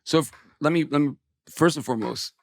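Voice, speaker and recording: A man's voice: a little high, fairly quick, gravelly, no echo. A man in his forties, a musician guest on an interview podcast, telling a personal story candidly and emotionally, with some swearing.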